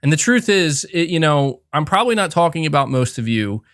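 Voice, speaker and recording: A man hosts a live podcast, talking loosely to his chat with many fillers, restarts and asides. His fairly high voice swoops in a lively way, and the close mic sound is dry with no room echo. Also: a little fast, clear, resonant tone. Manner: rambling, self-reflective, frequent fillers and restarts. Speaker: podcast host. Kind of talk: casual livestream chat.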